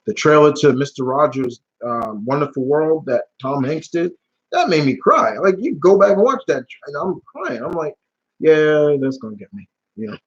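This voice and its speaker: A man in an easygoing live stream chat answers questions from his viewers and drifts into animated, rambling stories full of slang and restarts. His voice sits at an ordinary middle pitch, and the recording sounds a little dull and lo-fi. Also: slightly rough.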